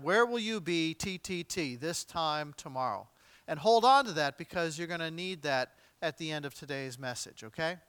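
A man's voice: sits high, sharp tone, clean tone, dry recording. A man preaching a sermon as pastor, conversational with light humor, turning dramatic when he reads scripture aloud. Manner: dramatic readings with wide swings in volume.

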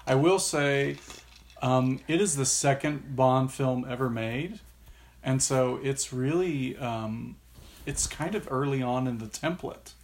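A man co-hosting a podcast, talking in a casual, unhurried and deliberate way. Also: medium pitch. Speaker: podcast co-host.

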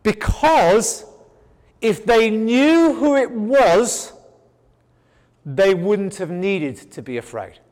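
Male Bible teacher, sermon delivery, high voice, emphatic repetition, stammered restarts; hall reverb. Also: expressive, extremely slow, pauses often, a little mellow. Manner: emphatic, repetitive rhetorical build-ups.

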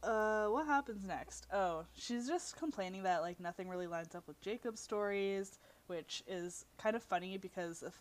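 A woman's voice: medium pitch, moderate pace. A young woman co-hosting a podcast, chatting casually about a book with wry remarks and frequent laughs. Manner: wry, laughs often, reads passages aloud. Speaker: podcast co-host. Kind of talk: casual book-discussion chat.

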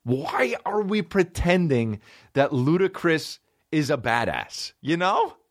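Male podcast host, fairly high voice with a lively, bouncing delivery; rambles, swears, jokes. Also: slow pace. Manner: rambling, profane, jokey. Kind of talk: casual comedy podcast riffing.

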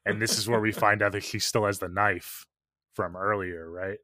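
A man's voice: on the low side, fairly even intonation, moderate pace, sharp tone, dry recording, clean studio sound. A man co-hosting a podcast, chatting casually and enthusiastically about a film, swearing freely and using many fillers. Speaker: podcast co-host. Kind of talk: casual film review chat.

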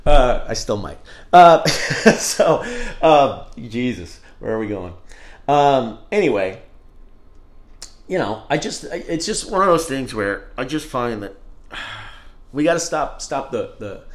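A man's voice: medium pitch, big pitch swings, takes it slowly. A man hosting a casual solo podcast, talking in a rambling, candid and profane way. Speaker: podcast host. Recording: roomy echo.

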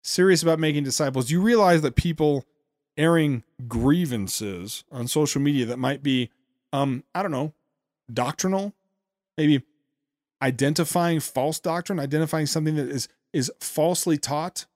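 A man's voice: fairly high pitch, normal speed, darkish tone, dry recording, clean studio sound. A man hosting a show, giving an indignant, sarcastic running commentary on a speech clip. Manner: indignant, sarcastic, repeats words when heated. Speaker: podcast host.

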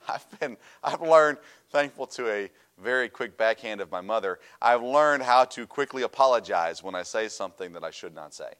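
A middle-aged man delivers a sermon in a low voice. He preaches in an animated way, telling stories with a laugh and swinging between loud emphasis and quiet asides. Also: moderate pace.

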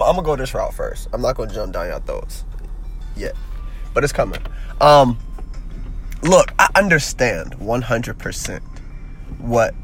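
A young man with a mid-range voice hosts a casual solo podcast against a noisy background. He rambles with slang fillers and repeats himself, growing heated and emphatic as he presses his point.

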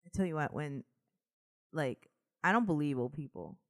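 A woman co-hosting a casual true crime podcast with a slightly low voice. She talks bluntly, swears freely and laughs often. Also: expressive, moderate pace. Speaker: podcast co-host. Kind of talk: casual chat.

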